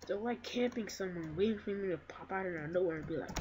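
A woman giving casual let's-play commentary on her own game, excitable and trash-talking. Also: medium pitch. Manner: excitable, trash-talking, quick to get frustrated. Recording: loud noise and mouse clicks behind.

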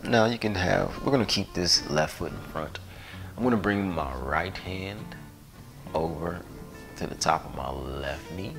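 A man guiding a yoga class, relaxed and playful, sighing and joking between cues. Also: sits low, measured pace, gravelly. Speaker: yoga instructor. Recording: music playing behind voice.

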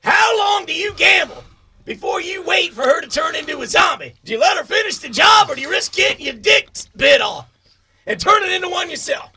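A shrieking, gravelly drunk redneck, barking crude advice in a very high, piercing voice. His pitch leaps all over as he boasts and rants for a comedy call-in show. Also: animated, a little fast, heavily acted. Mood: rowdy ranting. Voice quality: gravelly shouting rasp. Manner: rowdy, boastful, vulgar rants.

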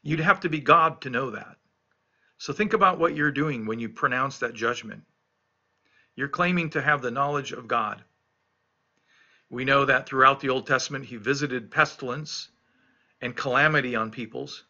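A middle-aged man preaches a devotional reflection, earnest and emphatic, circling back to repeat his key phrases. His voice is very bright and forward, though the recording sounds dull and lo-fi. He is a pastor still recovering from an illness. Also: medium pitch, normal speed, long pauses.

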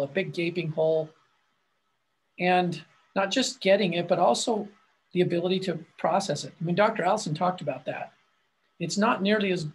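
A man's voice: high-pitched, slightly rough. A man, a company founder and CEO, explaining a product in a meandering way with frequent restarts. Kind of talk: webinar product talk.

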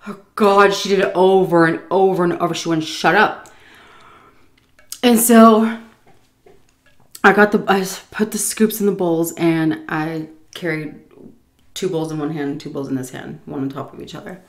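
A woman casually telling a story while eating, animated and swearing freely. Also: fairly low pitch, normal speed, pauses often. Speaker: vlogger.

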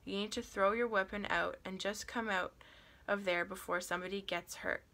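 A woman's voice: fairly high pitch, normal speed, gravelly, pushed and bright. A woman voicing a male police officer questioning someone over the phone. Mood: calm. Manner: insistent, questioning.

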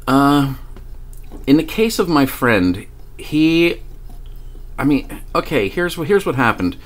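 Animated man telling a story. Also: on the high side, takes it slowly. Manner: animated, swears freely, laughs often. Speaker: vlogger. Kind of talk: casual storytelling.

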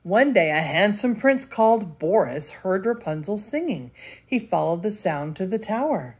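An older woman, a grandmother, reading a picture book aloud with lively expression. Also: medium pitch, moderate pace, husky. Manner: expressive, laughs between lines. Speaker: storyteller.

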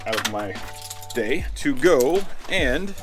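Man, casual vlogger, rambling and chatty, handheld camera, mid pitch, lofi beats playing underneath. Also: very animated, takes it slowly, a bit bright. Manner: rambling, self-interrupting, chatty. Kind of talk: casual vlog chat. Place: outdoors, in a car, and in a store. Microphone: handheld action camera. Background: lofi music.

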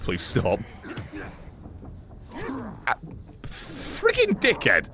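A man giving sarcastic, excitable let's-play commentary, swearing often and talking back to characters in the game. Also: mid-range voice, very slow. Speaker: gaming streamer.

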